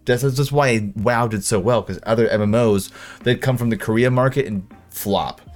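A man's voice: medium pitch, moderate pace, soft background music. Ranting man on a gaming podcast. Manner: ranting, profane, animated. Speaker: podcast co-host. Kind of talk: casual gaming podcast chat.

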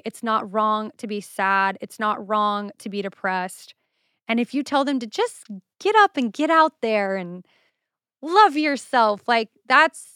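A woman's voice: a little high, sharp tone, smooth, no room sound, clean studio sound. A woman hosting a solo podcast, talking candidly and casually and swearing freely. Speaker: podcast host.

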